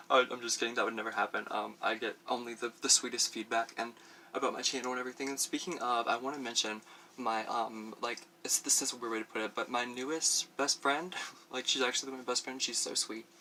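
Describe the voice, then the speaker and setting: Chatty, bright-voiced male beauty vlogger. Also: medium pitch, fairly even intonation, brisk, slight background noise. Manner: chatty and rambling, many fillers, laughs often. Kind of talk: casual makeup review vlog.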